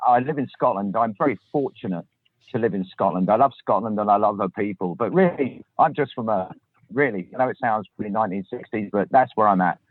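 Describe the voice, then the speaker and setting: A man's voice: lowish voice, brisk, no echo. Man on a tinny phone line. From southern England. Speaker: podcast host. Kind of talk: casual chat. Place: in a parked car.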